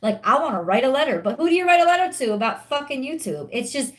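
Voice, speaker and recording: A woman's voice: high-pitched, big pitch swings, fast talker. A woman giving a live-streamed tarot reading, chatty with viewers, frustrated and swearing openly about her internet.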